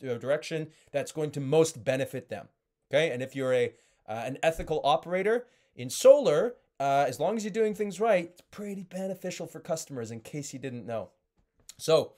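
A sales trainer delivers a talk with emphatic energy, regularly checking in with "okay?" and "right?" His voice is mid-range and slightly mellow.

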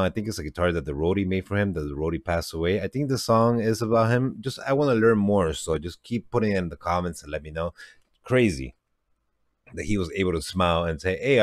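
Male reaction host, native Spanish speaker, lowish pitch, dry close mic, eager and repetitive. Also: dry recording. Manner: excitable, repeats himself, laughs often. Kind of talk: casual reaction commentary.

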